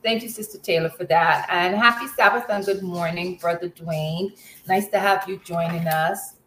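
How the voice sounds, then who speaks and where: A woman leading a Bible study lesson, asking questions and affirming comments in a slow, measured way. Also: on the low side, steady tone, fairly bright tone, echoey room, slight background noise, poor audio. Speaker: Bible study class leader.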